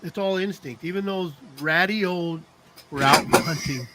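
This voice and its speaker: A man's voice: fairly high pitch, measured pace, very noisy. A middle-aged man telling rambling stories in casual chat, laughing often and checking in with "you know what I mean". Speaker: podcast co-host.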